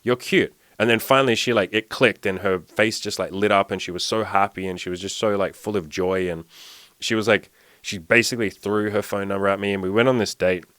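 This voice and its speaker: A man's voice: fairly low pitch, steady tone, brisk, fairly bright tone, no echo. A young man, a dating and self-improvement coach, telling a story in a loose, rambling way full of "like" fillers. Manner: rambling, heavy use of "like" fillers. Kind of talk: casual storytelling monologue.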